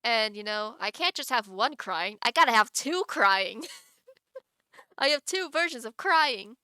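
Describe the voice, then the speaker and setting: A woman's voice: fairly high pitch, animated, a little slow, sharp tone, clear, resonant tone, dry recording, studio quality. A woman streamer chatting casually on a live stream, giggling often and rambling with many restarts.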